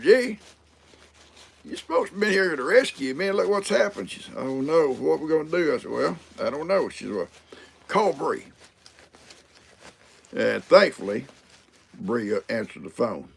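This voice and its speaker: Older guy on his livestream, super gravelly husky voice, goes up and down a lot telling his folksy stories. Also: mid-range voice. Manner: folksy storyteller, laughs often, acts out quotes. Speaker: livestream host. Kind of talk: casual livestream chat.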